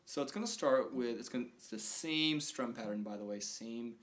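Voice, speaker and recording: Relaxed man teaching guitar. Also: medium pitch, normal speed. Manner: relaxed, counts beats aloud over strumming. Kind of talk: casual instructional talk. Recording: talk over loud acoustic guitar.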